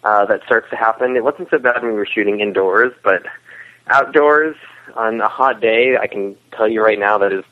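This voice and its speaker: A man's voice: lowish voice, moderate pace. A man co-creator of a web series, explaining the production as a podcast guest, with restarts and chuckles. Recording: tinny phone line.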